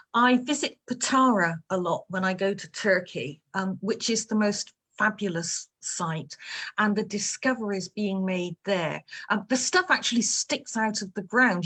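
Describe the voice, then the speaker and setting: In a mid-range voice with a fairly bright tone, a woman from England who writes books answers reader questions in a casual chat. She talks about her life and work through playful stories sprinkled with fillers.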